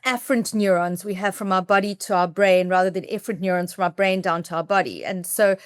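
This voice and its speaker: A woman's voice: mid-range voice, fairly quick, dry recording, studio quality. Enthusiastic woman podcast host. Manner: enthusiastic, reflective, talks through her own thoughts. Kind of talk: podcast interview.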